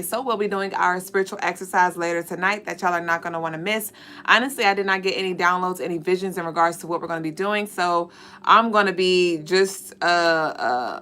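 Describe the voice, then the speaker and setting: Bright-voiced woman giving a spiritual reading. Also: fairly low pitch. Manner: repetitive, affirming, addresses viewers directly. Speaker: spiritual reader and host. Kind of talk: live-stream spiritual reading.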